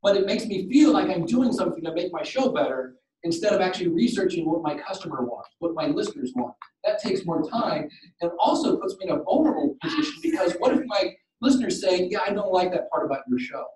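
A man giving a podcasting workshop to a live audience, animated and jokey, acting out quoted exchanges. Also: sits high, fast. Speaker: workshop presenter. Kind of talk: conference talk with slides and Q and A. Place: conference room. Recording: roomy, distant room mic.

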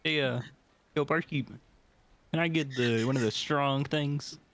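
A man's voice: medium pitch, a little slow, a bit bright. A man putting on a frog puppet voice in an improvised bar bit on a game stream, hesitant and full of ums. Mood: sheepish. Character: boozy frog puppet man, down on his luck.

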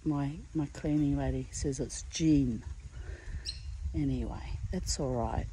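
A woman with a New Zealand accent, telling a story in a slow, intense casual monologue with dark humor. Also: a bass voice, a little hiss or hum, poor audio.

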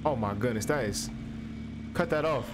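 A man's voice: mid-range voice, moderate pace, noisy background. A young man, commentating a horror game playthrough as he talks to the character on screen. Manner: animated and jumpy, talking to the game character, slangy. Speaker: gaming streamer.

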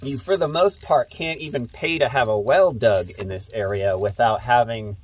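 A commentator with a mid-range, slightly rough voice speaks at normal speed, casually recounting a chat he had with a friend. It's a rambling storytelling monologue full of filler words.

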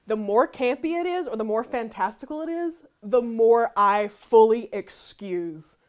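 A woman hosting a casual panel chat, animated and laughing often. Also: a little high, unhurried. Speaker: host.

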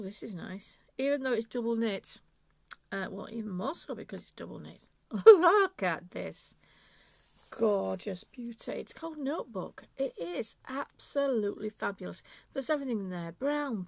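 A woman's voice: fairly high pitch, gravelly, dry recording. A woman, chatting enthusiastically and rambling as she shows off yarn in an unscripted knitting vlog. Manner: enthusiastic, rambling, self-interrupting. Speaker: knitting vlogger.

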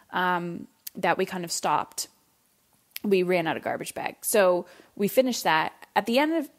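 Animated woman telling a family story. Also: medium pitch. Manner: animated, acts out family voices, casual swearing. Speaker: parenting podcast host. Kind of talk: casual storytelling monologue.

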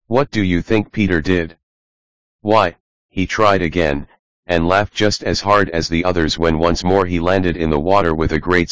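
Low smooth male storybook narrator. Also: dry recording, poor audio. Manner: even storybook reading. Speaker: audiobook narrator. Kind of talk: scripted narration.

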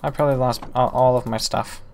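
A man's voice: mid-range voice, steady tone, a little fast, a little mellow, a little hiss or hum. Male gaming YouTuber, mid-range voice, chatty self-talk and playful exasperation while he plays. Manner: talks to himself and the game, mock-exasperated exclamations. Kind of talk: live gameplay commentary.

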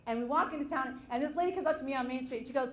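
Animated woman speaker on stage. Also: high-pitched, rapid-fire, echoey room, heavy background noise. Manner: animated storytelling, acting out quoted voices; self-deprecating humor. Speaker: motivational seminar speaker. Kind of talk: live seminar talk to an audience. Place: stage before a live audience.

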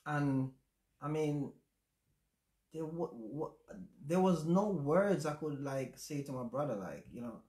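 A man with a Jamaican accent hosting a casual livestream chat, speaking in a reflective, halting way with many fillers. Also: a little high, a little mellow. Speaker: channel host. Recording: roomy echo.

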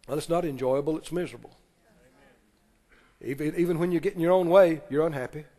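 A man preaching a sermon as pastor, retelling scripture with animated, dramatic delivery. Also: high voice, big-room sound.

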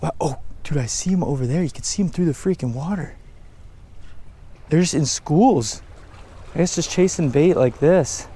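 A man filming a casual fishing vlog outdoors on a beach and jetty, talking in an excitable, slangy way and exclaiming often. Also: fairly high pitch, moderate pace, pauses often, breathy edge. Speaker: fishing vlogger.

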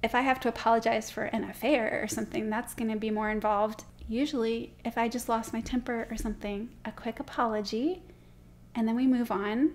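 An earnest woman gives plain advice in a casual vlog. Her tone stays gentle and sincere. Her voice sits somewhat high for a woman. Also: fairly even intonation, a little fast, slight background noise. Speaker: Christian marriage blogger.

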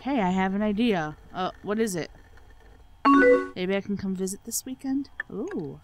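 Woman, gamer, playthrough commentary, sarcastic, curses a lot, mid-pitched, loud music behind. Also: lively intonation, normal speed, low-quality recording. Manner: sarcastic, swears freely, reads game chat aloud. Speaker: let's play gamer.

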